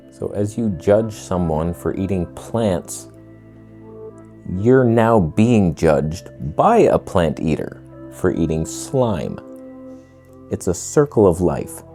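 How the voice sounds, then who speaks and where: A young man with a low, dark voice rants to camera, sarcastic and crude, his pitch swinging widely as he mocks people. Soft music plays behind him. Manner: sarcastic, crude, jumps into mocking put-on voices. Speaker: vlogger. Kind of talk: casual rant to camera.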